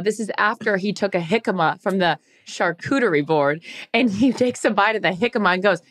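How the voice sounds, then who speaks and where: A woman co-hosting a podcast, chatting casually and telling lively stories, acting out what others said. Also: medium pitch, brisk, no echo, studio quality. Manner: animated storyteller, acts out quotes in voices. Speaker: podcast co-host. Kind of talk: casual chat.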